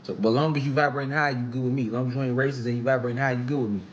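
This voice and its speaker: A man's voice: mid-range voice, fairly even intonation, rapid-fire, muffled recording, slight background noise. Streetwise man talking frankly. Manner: streetwise, profane, earnest. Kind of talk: casual social media monologue.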